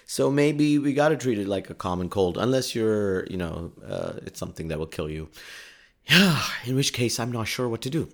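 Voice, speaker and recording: Laid-back, low-voiced male podcast host. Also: animated, normal speed, a bit bright. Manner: chatty, self-deprecating, laughs often. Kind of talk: casual storytelling monologue. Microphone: podcast microphone.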